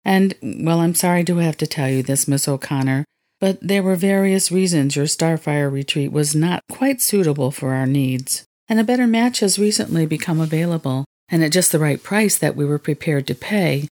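A man's voice: on the high side, normal speed, darkish tone, lightly acted. Woman reading as a courteous apologetic businessman. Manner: formal, courteous. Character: polite apologetic male business buyer.

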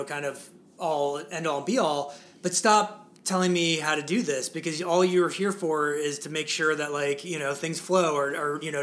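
A man in his forties talks loosely about films as a podcast co-host, circling back with filler words and restarts. His voice sits a little higher than most men's. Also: fairly bright tone. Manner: rambling, many fillers and restarts. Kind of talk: casual chat.

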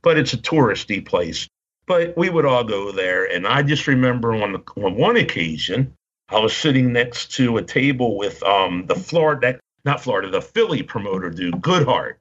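A husky-voiced middle-aged man tells stories casually on a podcast, wandering and restarting as he goes. The recording is dull and muffled. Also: medium pitch, expressive, moderate pace, a bit bright. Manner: rambling storyteller, many restarts and fillers. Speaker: podcast co-host. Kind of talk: casual chat. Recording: dull lo-fi audio.

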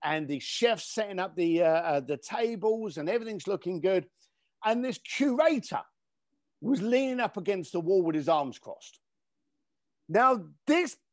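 A man, a podcast guest, telling a story in an expressive way, swearing casually and acting out the voices. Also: sits high, a little slow, no room sound, studio quality. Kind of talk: animated storytelling.

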